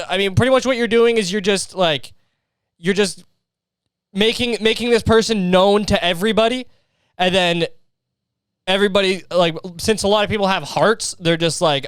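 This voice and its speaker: High-voiced man on a profane comic rant. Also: normal speed, a bit bright, smooth, dry recording, clean studio sound. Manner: profane, exasperated ranting with many fillers; mocking, sarcastic asides. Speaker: podcast host. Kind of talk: solo comedy podcast rant.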